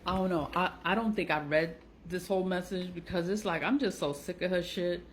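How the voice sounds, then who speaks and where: A woman's voice: on the low side, a little fast, a little hiss or hum, low-quality recording. A woman giving casual, blunt commentary, sounding exasperated and mocking as she reacts to text messages. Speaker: online seller and vlogger.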